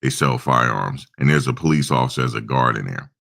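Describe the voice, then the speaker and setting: A man from New Jersey with an extremely deep voice tells a casual personal anecdote. He is a young adult and an animated storyteller who slips into the voices of the people he quotes. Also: fairly quick, gravelly.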